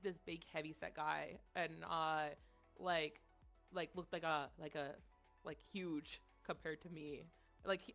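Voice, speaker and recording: Giggly, bright-voiced young woman streamer. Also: lowish voice, creaky. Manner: giggly, animated, many filler words. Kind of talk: casual storytelling chat.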